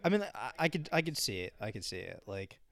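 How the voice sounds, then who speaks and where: A man's voice: mid-range voice, very animated, fast, gravelly, a bit bright, dry recording. A young man co-hosting a podcast in casual chat, giving dry, teasing retorts. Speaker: podcast co-host.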